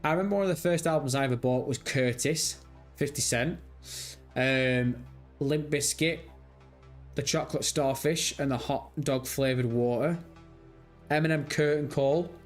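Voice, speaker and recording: A man's voice: mid-range voice, normal speed, faint music behind. A young man in his twenties with a Birmingham accent, chatting casually on a live stream, rambling and swearing freely as he reads out viewer comments. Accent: Birmingham English. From England. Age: 20s. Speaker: livestream host.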